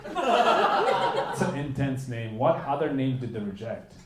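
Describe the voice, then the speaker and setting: A young man doing stand-up comedy, teasing the crowd in quick banter. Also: mid-range voice, wildly swooping pitch. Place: comedy club stage. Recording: echoey club with loud audience noise. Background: audience laughter.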